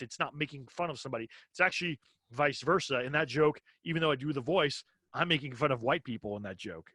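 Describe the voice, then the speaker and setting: Male comedy podcast co-host, opinionated and animated, dry close mic. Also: medium pitch, no room sound. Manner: opinionated, animated, acts out quoted exchanges. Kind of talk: casual podcast chat.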